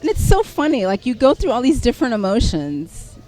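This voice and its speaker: A middle-aged woman telling a personal story as a podcast guest, animated and self-deprecating, laughing often as she talks. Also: a little high, brisk. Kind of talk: conversational storytelling.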